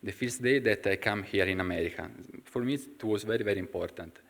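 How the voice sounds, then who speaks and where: A man with an Italian accent giving an informal talk to a class, pausing often and searching for words in English. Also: on the low side, creaky, fairly bright tone. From Italy. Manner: halting, searching for English words with many fillers. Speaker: community member sharing a story. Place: temple hall.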